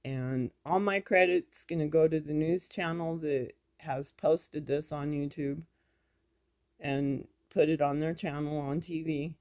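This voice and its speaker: Woman vlogger, impassioned and scolding, slow delivery. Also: low voice, steady tone, a little mellow. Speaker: YouTube commentator. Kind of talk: angry commentary vlog.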